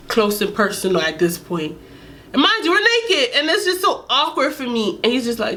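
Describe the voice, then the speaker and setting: A young adult woman telling a candid, animated storytime vlog, sometimes laughing and dropping to a whisper. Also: fairly high pitch, normal speed, a little hiss or hum. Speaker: vlogger.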